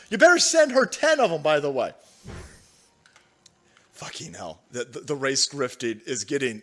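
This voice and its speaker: Hosting a livestream, this man has a voice that's a little high and a bit bright. He keeps up profane, sarcastic commentary, riffing and laughing a lot while reading donations aloud.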